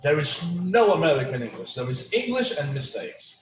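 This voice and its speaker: A man's voice: a little high, very animated, moderate pace, a little hiss or hum. A man teaching an online English class, native Portuguese speaker, chatty and full of "like" and "you know". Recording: echoey room with faint ambience.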